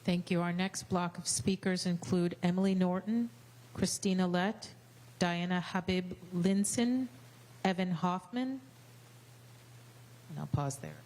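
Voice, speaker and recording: A woman chairing a public hearing, briskly calling the next speakers. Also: fairly low pitch, darkish tone, low-quality recording. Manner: brisk, procedural. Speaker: meeting chair. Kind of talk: procedural announcements.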